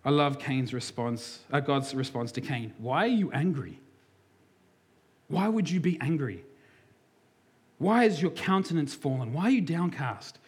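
A man's voice: fairly high pitch, expressive, unhurried, long pauses, husky. A man preaching a sermon as pastor, talking through scripture and acting out quoted voices, some of them dropped to near whispers.

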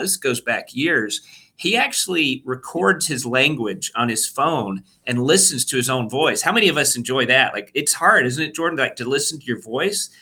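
An enthusiastic man co-hosting a podcast, talking fast and casually with plenty of fillers. His voice is husky and rough at the edges. The tone is very bright and cutting, and it stays at an ordinary middle pitch. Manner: enthusiastic, quick, full of fillers. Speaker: podcast co-host.

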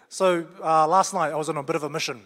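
A man's voice: on the high side, a bit bright. A young man with a New Zealand accent preaching a sermon in a joking, conversational, down-to-earth way. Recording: long reverb of a large hall.

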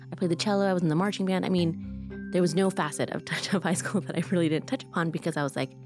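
A woman's voice: fairly low pitch, darkish tone. A young woman from Mexico telling her life story candidly in an interview, with a conversational delivery full of acted-out quotes. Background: music.

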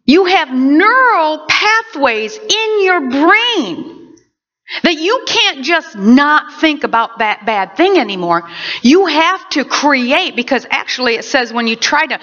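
A woman pastor preaching a sermon in an animated way, with quick asides to her congregation. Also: high voice. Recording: dull lo-fi recording.

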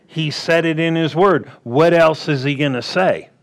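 This male pastor's voice sits a little high, with vocal fry and a measured pace that rarely pauses. His sermon is plain and conversational, full of rhetorical questions for the crowd and acted-out lines from people and God.

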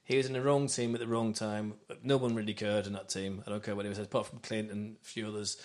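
Middle-aged man from Wales, podcast host, fast rambling football chatter, animated. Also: on the low side. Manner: animated, rambling, self-interrupting. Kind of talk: casual football fan chat.

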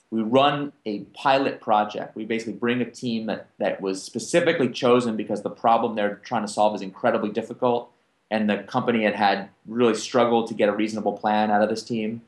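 A man's voice: fairly low pitch, fairly quick. Man telling stories in an echoey room. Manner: animated, acts out quoted dialogue. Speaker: conference panel speaker. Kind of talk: anecdotal storytelling to an audience.

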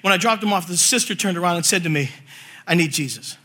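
High bright-voiced man preaching a comic story. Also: fast talker, breathy edge. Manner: animated, acts out voices, laughs through story.

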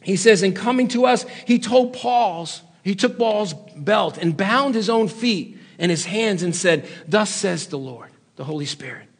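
Impassioned husky-voiced male preacher. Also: animated, unhurried, hardly any pauses. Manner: impassioned, swings between hushed low lines and loud raised ones. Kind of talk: sermon.

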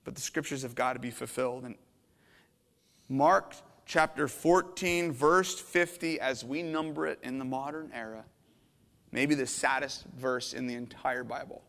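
A man preaching a sermon, retelling a scene dramatically and swinging from loud passages to hushed ones. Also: medium pitch, unhurried, creaky. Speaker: pastor. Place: church hall. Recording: long hall reverb.

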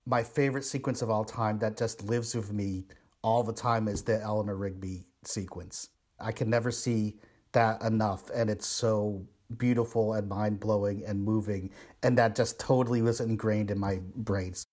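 A man's voice: on the low side, fairly even intonation, moderate pace, a little mellow. A man in an interview clip, gushing with enthusiasm.

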